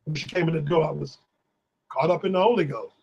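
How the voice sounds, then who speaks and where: A man guest, telling animated stories in casual talk, singing bits of lyrics and acting out voices. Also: on the high side, fast, vocal fry, husky, lo-fi sound. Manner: animated, exclamatory, sings lyrics and acts out voices. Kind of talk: casual storytelling on a live stream.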